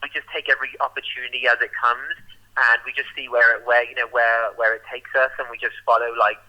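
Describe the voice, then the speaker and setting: In a loose, casual interview, a young roller skating performer from Birmingham, England rambles on, leaning heavily on "like" and "you know" in his Birmingham accent. His voice sits at medium pitch with a level tone and a quick pace, and the sound is lo-fi.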